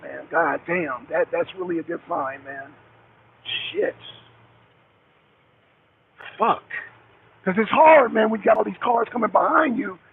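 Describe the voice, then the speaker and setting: High gravelly man on a tinny phone line. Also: slight background noise. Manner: rambling, repetitive, heavy cursing. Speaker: truck driver calling in. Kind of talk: call-in talk show chat.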